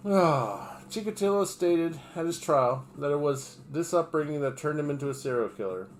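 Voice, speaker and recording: A man's voice: on the high side, animated, normal speed, few pauses, soft background music. A man on a livestream reading an article aloud, stumbling over names and breaking off for crude, sarcastic remarks. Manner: reads steadily, breaks off for crude, sarcastic asides.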